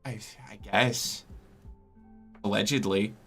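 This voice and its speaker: A young man from the US Northeast streams and chats casually with viewers, reading out their messages in a talkative, rambling way packed with fillers. His voice is fairly low, gravelly, pushed and bright, with fairly even intonation and a slow pace. Faint music plays behind him.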